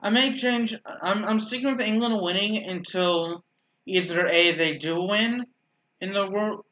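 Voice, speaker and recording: A man with a bright, forceful voice pitched a little high talks through a video game match in loose, unscripted commentary. He rambles and restarts his sentences, and drops dry sarcastic asides about his teammates. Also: a little slow. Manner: rambling, self-correcting, dryly sarcastic. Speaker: gaming channel host. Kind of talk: casual gameplay commentary.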